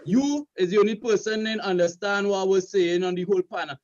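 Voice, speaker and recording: A man's voice: sits high, a little fast, a little mellow, dry recording. A man in a casual panel debate, insistently repeating himself to get a point across. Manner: insistent, keeps repeating to be heard. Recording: dry dull lo-fi audio.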